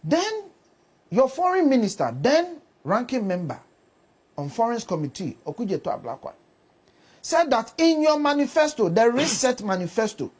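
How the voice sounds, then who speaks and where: A woman's voice: fairly high pitch, darkish tone. A woman with a Ghanaian English accent, arguing hard on a political panel, lecturing and repeating words for emphasis. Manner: combative, lecturing, emphatic repetition. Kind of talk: heated political debate.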